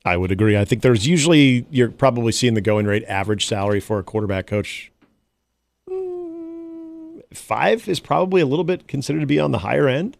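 A man's voice: medium pitch, big pitch swings, brisk, creaky, no room sound. A man co-hosting a sports radio show, chatting casually and often restarting his sentences.

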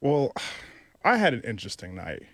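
A man guesting on a radio show, telling stories in an animated, excitable way. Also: mid-range voice, normal speed, no room sound, clean studio sound. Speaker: studio guest. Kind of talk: casual storytelling. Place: radio studio.

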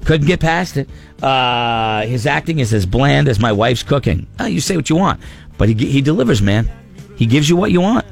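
A man's voice: medium pitch, lively intonation, moderate pace, creaky, faint music behind. A man hosting a radio show, bantering in casual, opinionated talk.

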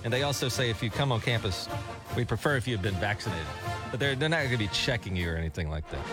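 A man's voice: lowish voice, fast, over loud music. A man from Alabama hosting a morning radio show, chatty and telling stories. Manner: chatty storyteller, animated. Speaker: radio host.

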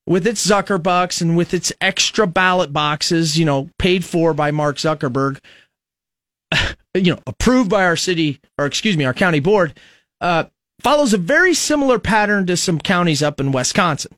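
A man's voice: sits high, lively intonation, normal speed, a bit bright, no echo, clean studio sound. A male radio talk show host from Nebraska, giving a rambling, conversational political monologue full of fillers.

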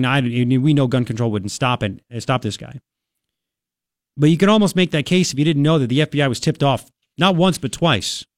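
Man, talk radio host, slightly high pitch, sarcastic, incredulous, repetitive emphasis. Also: dry recording, clean studio sound. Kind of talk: opinionated talk radio commentary.

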